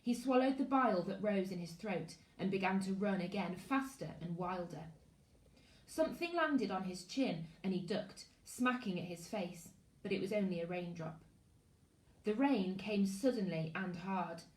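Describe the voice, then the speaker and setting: A woman, a primary school teacher, reading a children's novel aloud in an expressive storytelling voice. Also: medium pitch, moderate pace. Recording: echoey room.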